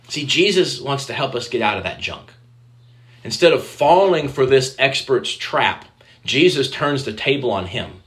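A man's voice: mid-range voice, bright, forceful tone. A man preaching a conversational sermon, speaking directly to the children in the congregation and acting out quoted voices. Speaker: pastor.

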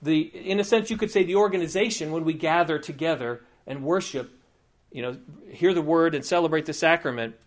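A man's voice: on the high side, a little fast. A man giving a conversational teaching sermon, informal and digressive, with frequent asides and light humor.

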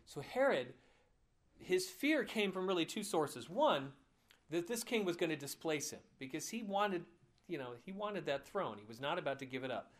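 Conversational male preacher, slightly high voice. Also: big pitch swings, moderate pace. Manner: conversational, with asides and laughs. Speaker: pastor. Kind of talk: sermon.

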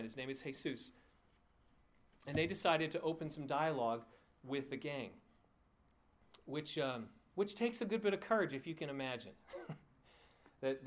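A male pastor tells a story to his congregation in a loose, conversational sermon style. He keeps restarting phrases and dropping in fillers, and he chuckles now and then at his own asides. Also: mid-range voice.

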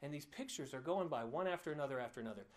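A pastor preaching a sermon, telling a personal story in an earnest, heartfelt way. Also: male voice, on the high side, animated, rapid-fire.

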